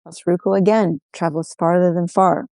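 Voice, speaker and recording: Storyteller woman, oral folk tale, unhurried, warm dry close sound. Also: on the low side, steady tone, vocal fry, dry recording. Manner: unhurried, repetitive refrains. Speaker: storyteller guest.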